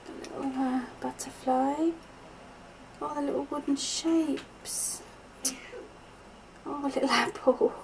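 Middle-aged woman, high-ish voice, slow delighted unboxing chat, noisy home recording. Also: fairly even intonation. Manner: gushing, softly delighted, slow and breathy exclamations. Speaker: vlogger opening happy mail. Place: at home in a conservatory.

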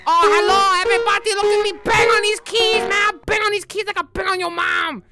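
A man's voice: very high voice, steady tone, a little fast, vocal fry, voice pushed up. A man voicing a cocky young guy bragging about banging on piano keys, in a brash, taunting way. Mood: boastful.

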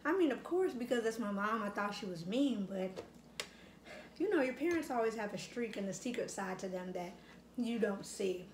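A woman's voice: mid-range voice, lively intonation, normal speed, slight background noise. A middle-aged woman chatting casually while she eats at home, reflective and reminiscing, with lots of fillers. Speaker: mukbang vlogger. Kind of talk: casual chat while eating. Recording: echoey room with faint ambience.

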